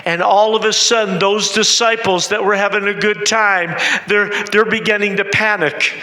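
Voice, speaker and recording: A man preaches in a high, bright voice, taking his time as he tells the story with drama and questions for the congregation. His words carry a long reverb from the church hall. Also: steady tone, normal speed. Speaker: missionary preacher. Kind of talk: sermon with storytelling.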